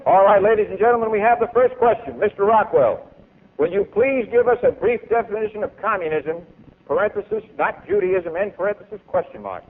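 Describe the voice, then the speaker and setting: A brisk, high-pitched male speaker addresses a university audience in an emphatic, orator's style with sharp swings in loudness, then opens the floor to questions. The recording is old, tinny archival tape.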